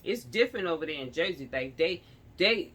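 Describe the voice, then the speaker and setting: A woman's voice: on the low side, expressive, brisk, fairly bright tone, breathy edge. A young woman, ranting and telling a story in casual street slang, acting out the people she quotes. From New York. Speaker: vlogger.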